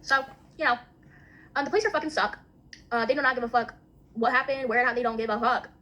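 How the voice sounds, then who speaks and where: A woman's voice: fairly high pitch, fast, sharp tone. A young woman ranting bluntly in casual chat, swearing constantly.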